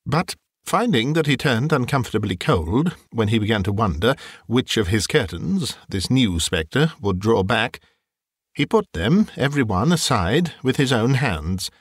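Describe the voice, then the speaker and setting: Expressive male audiobook narrator. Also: mid-range voice, husky, no echo, clean studio sound. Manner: expressive, measured storytelling. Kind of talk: scripted narration of a classic novel.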